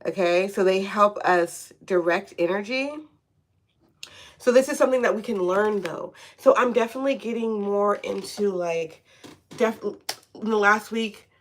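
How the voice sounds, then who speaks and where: A woman's voice: mid-range voice, measured pace. Chatty woman giving a tarot reading. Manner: chatty, checks in with "okay?" often. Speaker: tarot reader. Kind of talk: casual live tarot reading.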